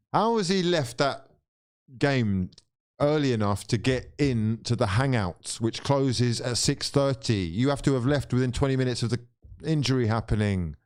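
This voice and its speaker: A man hosting a live football watchalong. He swears freely, talks straight to his viewers and swings between frustration and excitement. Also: medium pitch, smooth.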